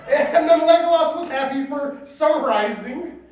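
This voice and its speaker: A man's voice: very high-pitched, measured pace, a little mellow, a little hiss or hum. A man hosting a comedy panel, reading bad fanfiction aloud in mocking dramatic voices and giggling often. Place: convention panel room with audience. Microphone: distant mic in a hall. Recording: echoey hall, far from mic, crowd audible.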